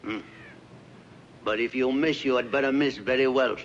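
Cast a gravelly bandit with a light Mexican accent, menacing, sadistic streak, an actor playing him; old film sound, faint hiss. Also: male voice, medium pitch, steady tone, normal speed, lightly acted. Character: scheming boastful Mexican bandit, adult man. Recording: dull, slightly noisy film soundtrack.

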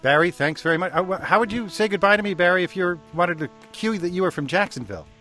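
A man hosting a live call-in radio talk show, taking callers and reading station promos in a relaxed, conversational way. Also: high-pitched, fast, soft background music.

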